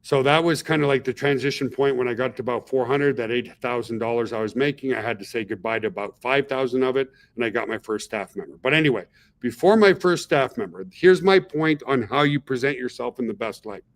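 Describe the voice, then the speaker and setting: A man's voice: mid-range voice, a little fast. Middle-aged male webinar host; casual, chatty founder type who checks in with his audience a lot. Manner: chatty, peppers talk with "okay?" and "guys".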